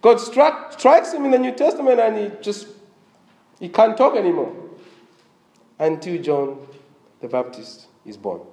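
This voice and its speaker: Male pastor, high animated delivery, voice a bit strained, echoey church sound. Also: a little slow, pauses often. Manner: animated preaching, asks the congregation questions. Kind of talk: sermon.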